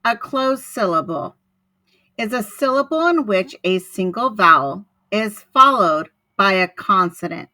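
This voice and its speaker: A woman teacher giving a recorded lesson in a clear, deliberate instructional manner. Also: mid-range voice, expressive, bright, forceful tone, no echo.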